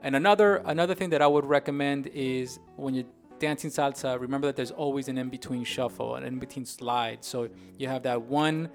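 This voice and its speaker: A man co-hosting a casual podcast chat, animated, acting out rhythms with vocal sounds, with faint music behind. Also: medium pitch, a little fast, few pauses. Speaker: podcast co-host. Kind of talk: casual chat about dancing.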